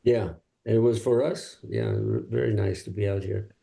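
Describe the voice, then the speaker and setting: Gravelly older man telling stories. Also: on the low side, big pitch swings, moderate pace, dark tone. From Los Angeles. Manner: rambling, easygoing storyteller. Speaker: singer-songwriter guest. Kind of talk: casual interview chat.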